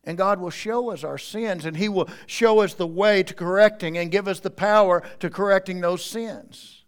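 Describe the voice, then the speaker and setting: Smooth-voiced preaching man. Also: high voice, normal speed. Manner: preaching with wide swings between quiet and loud. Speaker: pastor. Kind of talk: sermon. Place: church.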